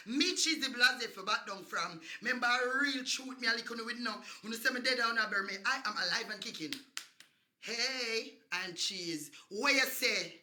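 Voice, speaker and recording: A Jamaican woman on a livestream, taunting and cursing loudly, often breaking into shouts. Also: a little high, moderate pace. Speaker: social media personality. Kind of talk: livestream rant.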